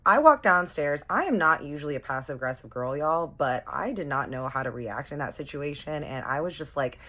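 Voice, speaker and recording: A woman's voice: low voice, lively intonation, fairly quick, a bit bright. A young woman telling a story in a casual, chatty vlog, with slangy, sassy asides to her viewers.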